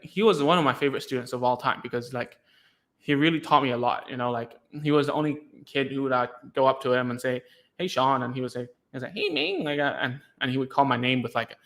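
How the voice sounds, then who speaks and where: A young man talks in a relaxed, rambling way, leaning on "like" between thoughts. His voice is bright and forward, sitting at an ordinary middle pitch for a man. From Hong Kong. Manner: chatty, heavy use of "like", acts out sounds and reactions. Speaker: podcast host, former ABA therapist. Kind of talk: casual explanatory talk.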